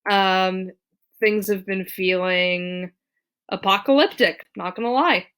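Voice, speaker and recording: Slow-talking woman teaching ukulele. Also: mid-range voice, a bit bright, clean tone. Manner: counts beats aloud, many ums. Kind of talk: casual music tutorial. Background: her own ukulele strumming.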